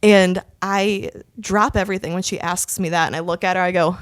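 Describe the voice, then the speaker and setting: A woman's voice: lowish voice, fairly even intonation, brisk, no room sound. A young woman in her twenties, a podcast co-host, telling a story in casual chat, laughing often and swearing freely.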